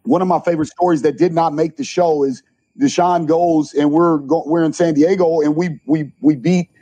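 A middle-aged man, a junior college basketball coach, telling animated stories in an interview and acting out the quotes. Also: a little high, moderate pace, husky, lo-fi sound. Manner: animated storyteller, acts out quotes. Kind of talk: interview storytelling.

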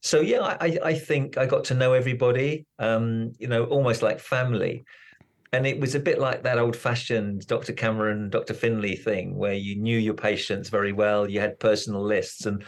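A man's voice: medium pitch, fairly even intonation. Plain-spoken older man telling stories. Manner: plain-spoken storyteller, halting restarts. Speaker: guest doctor. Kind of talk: casual interview chat.

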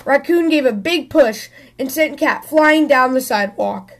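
A woman hosting a children's story podcast, reading a picture book aloud in a lively, expressive way. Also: sits high, measured pace.

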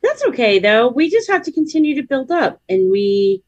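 A woman's voice: high-pitched, big pitch swings, moderate pace, darkish tone, dull audio. A woman co-hosting a casual podcast who keeps asking questions. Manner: curious, asks many questions. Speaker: podcast co-host.

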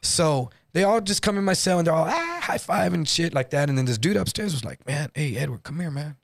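A man from Texas, a guest comedian, telling a story in an animated, profane, slang-heavy way. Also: on the high side, a little fast, vocal fry, dry recording, studio quality. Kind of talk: casual storytelling.

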